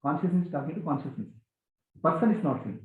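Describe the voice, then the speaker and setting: Animated high-voiced man. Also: quick pace. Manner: animated, questioning, repeats key phrases. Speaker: spiritual teacher. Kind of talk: question-and-answer spiritual talk. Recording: echoey, tinny phone-like sound.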